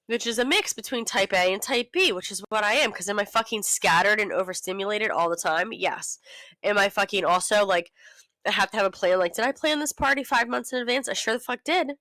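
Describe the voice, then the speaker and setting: A woman in her thirties rants animatedly as a podcast co-host, peppering every story with profanity. Her voice sits at an ordinary pitch and is recorded dry and close, with no room sound around it. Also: brisk, sharp tone, no room sound, rough recording. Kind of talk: casual chat.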